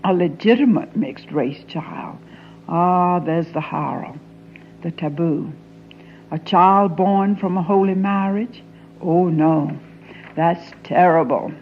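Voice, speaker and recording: A woman's voice: fairly low pitch, slow, highs cut off, slight background noise. A woman playing an anguished young Southern daughter. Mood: bitter sarcasm. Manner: intense, often dropping to a hushed whisper. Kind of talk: dramatic monologue reading.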